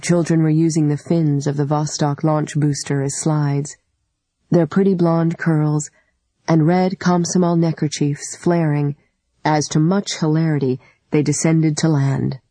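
Audiobook narrator: warm, slightly husky, dry close sound, deliberate literary reading. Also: mid-range voice, no room sound, low-quality recording.

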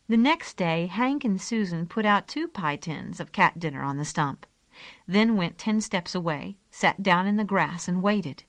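A woman narrating a children's storybook in a calm, gentle way. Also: lowish voice, measured pace, dry recording. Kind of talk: storybook reading.

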